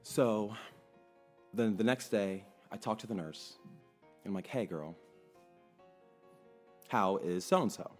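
A man's voice: fairly low pitch, slow, pauses often, faint music behind. A man telling a story in a casual, emphatic monologue, now and then cursing. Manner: animated, emphatic, swears freely. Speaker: clinic worker telling a story.

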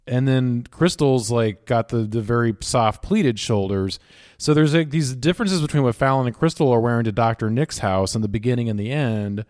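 A man's voice: mid-range voice, moderate pace, a little mellow, no room sound, studio quality. A man co-hosting a podcast, talking in a chatty, analytical way with lots of "like" and "um". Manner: chatty, analytical, many fillers like "like" and "um". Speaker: podcast co-host. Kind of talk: casual podcast chat.

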